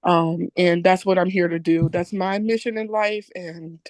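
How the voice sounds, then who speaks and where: A woman's voice: on the low side, fairly even intonation, a little slow, a little mellow, no room sound. A woman from New Orleans, a podcast guest who advocates for musicians, talking in an upbeat, earnest way with many "you know"s. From New Orleans, USA. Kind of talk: casual podcast chat.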